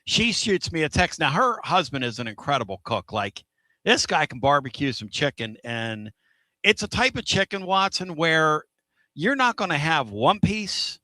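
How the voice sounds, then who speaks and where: A fired-up man hosting a sports talk show with a bright, forceful voice pitched a bit high. He rambles eagerly from story to story. The studio sound is dry and close. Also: normal speed, no echo. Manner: energetic, rambling, laughs often. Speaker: radio show host. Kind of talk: excitable sports radio chat.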